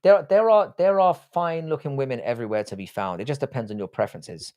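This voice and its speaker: A man's voice: medium pitch, fast, a little mellow. A young man hosting a casual live stream from a desk mic. He reads the chat aloud and answers it in a blunt, crude, joking way, swearing freely. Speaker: livestream host reading chat. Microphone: desk microphone, seated.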